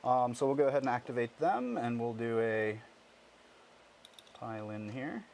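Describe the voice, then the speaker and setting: A man's voice: medium pitch, animated, normal speed, gravelly, a little mellow, a little hiss or hum. A man casually playing a tabletop war game, counting dice aloud and laughing often.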